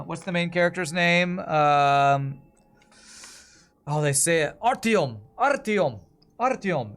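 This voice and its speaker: A man's voice: on the high side, a bit bright, clean tone. A man streaming a strategy game, chatting casually and answering viewers' comments while he plays. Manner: chatty, reads and answers chat while playing.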